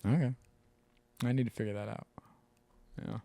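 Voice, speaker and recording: A man's voice: on the low side, steady tone, moderate pace, vocal fry, dark tone, no room sound. A man co-hosting a podcast in casual chat, telling stories animatedly, mimicking other people and swearing freely. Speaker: podcast co-host.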